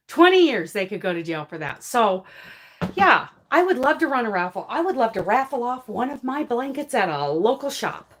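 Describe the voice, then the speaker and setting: A woman's voice: a little high, very animated, normal speed, pauses often. A woman hosting a casual livestream and answering viewer comments, emphatic and emotional, often apologizing and laughing between points. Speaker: crochet livestream host.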